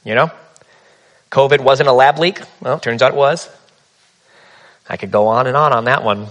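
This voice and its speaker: A man's voice: medium pitch, normal speed, a bit bright. A man preaching a sermon in a conversational, humorous storytelling manner. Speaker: pastor.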